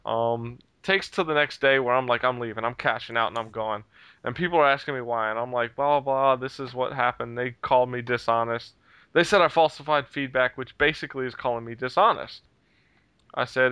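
Guy ranting about a dumb online fight, bright punchy voice, clean and dry, swears a lot. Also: mid-range voice, clear, resonant tone, dry recording. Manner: heated, profane, laughs at his own story. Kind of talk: casual storytelling rant.

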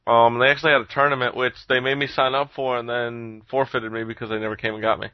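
A man's voice: mid-range voice, level tone, fast talker, no echo. A young man tells a story in a casual, rambling way, with plenty of swearing and laughter. His voice sits in a mid-range. The recording is dry and muffled. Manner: rambling, profane, laughs often.

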